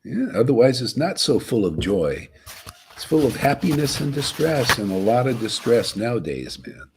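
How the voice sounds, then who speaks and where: A man's voice: medium pitch, sing-song, moderate pace, noisy background. A man giving a rambling, casual devotional talk as a spiritual teacher.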